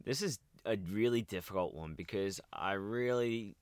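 A man co-hosting a casual podcast who hesitates and thinks out loud before his picks. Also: fairly low pitch, normal speed, clean tone, dry recording. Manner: hesitant, thinks aloud with ums and sighs. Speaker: podcast co-host. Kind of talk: casual wrestling podcast chat.

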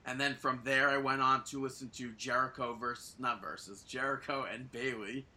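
Guy cohosting a podcast, super bright voice, rambles and trips over himself. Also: mid-range voice, fairly even intonation, moderate pace. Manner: rambling, self-correcting. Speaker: podcast co-host. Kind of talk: casual chat.

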